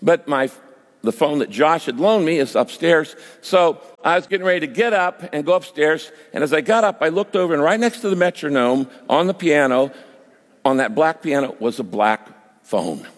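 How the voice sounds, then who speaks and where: A male pastor preaching a sermon, telling a personal story with quoted prayers and lively shifts in pitch. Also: moderate pace. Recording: long hall reverb.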